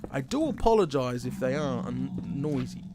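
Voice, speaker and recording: Excitable Australian man narrating gameplay. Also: mid-range voice, normal speed, over music. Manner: excitable, chatty, self-deprecating. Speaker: gaming video host. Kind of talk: casual game commentary.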